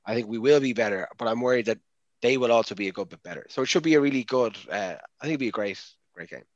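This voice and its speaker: A man's voice: mid-range voice, fast talker, no room sound. A man talking casually on a sports podcast, full of fillers and restarts as he works out his thoughts. His recording sounds dull and slightly lo-fi, and it is dry and close. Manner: hesitant, many fillers and restarts. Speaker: podcast co-host.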